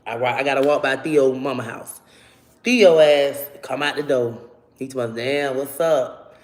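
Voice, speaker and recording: A woman telling a personal story to her viewers in a casual, animated and profane way. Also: very deep voice, normal speed. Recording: roomy echo.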